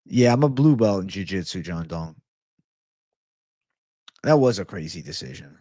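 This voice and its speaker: A man hosting a live stream, relaxed as he reads and answers viewer chat. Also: deep voice, normal speed, no echo, clean studio sound. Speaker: livestream host.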